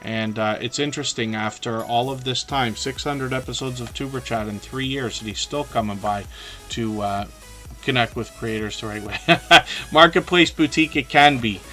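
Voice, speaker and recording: Soft music plays in the background as this live streamer talks at normal speed in a medium pitch. His voice is a bit hoarse and weary but pushed and bright, and his casual chatter wanders, full of filler words.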